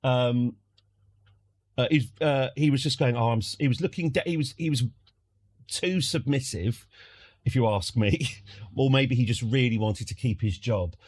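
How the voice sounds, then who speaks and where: A man's voice: medium pitch, measured pace, pauses often, darkish tone, no echo. A British man streaming from home, telling a casual story in a rambling, wry way with lots of restarts. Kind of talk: casual anecdote.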